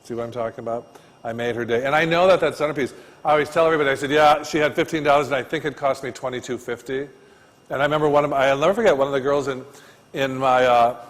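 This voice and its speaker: A man teaching a floral design class, telling stories with loud bursts and quiet asides. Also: medium pitch, fast, long reverb tail.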